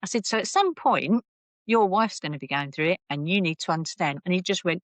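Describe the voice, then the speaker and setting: A woman in her fifties tells her story candidly, her fairly low voice jumping up when she acts out what others said. She restarts sentences often, and the sound is close and dry with no room around it. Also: a little fast, no room sound. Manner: animated, acts out quoted voices, many restarts. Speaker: podcast guest.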